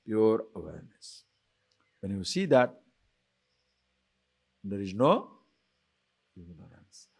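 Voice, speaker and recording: A man speaking leads a spiritual lecture in a fairly high, very animated voice. He keeps putting rhetorical questions to his listeners and chuckles along the way. Now and then he slows right down to chant Sanskrit phrases. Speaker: spiritual teacher.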